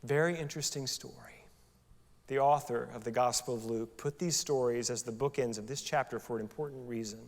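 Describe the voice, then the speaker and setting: A man's voice: mid-range voice, a little fast, in a large hall. A male pastor preaching a sermon in a conversational style, often asking the congregation rhetorical questions. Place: church sanctuary.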